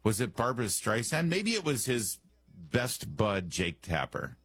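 A man's voice: mid-range voice, sing-song, measured pace, a bit bright, slightly rough, no echo. A man hosting a talk radio show, commenting in a sarcastic, mocking way from a studio microphone.

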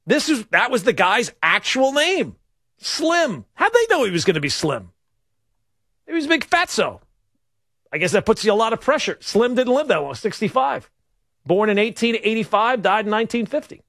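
A man's voice: extremely high pitch, very animated, normal speed, pushed and bright, no room sound, studio quality. A man hosting a sports talk radio show. He rambles and riffs with wry humor in a casual monologue.

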